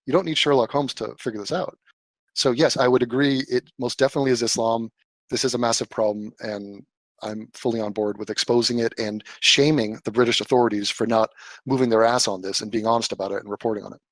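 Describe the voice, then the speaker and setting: A man's voice: medium pitch, fairly even intonation, quick pace, a bit bright, no room sound. A man hosting a live call-in stream, blunt and profane, answering callers in casual chat. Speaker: livestream host answering callers.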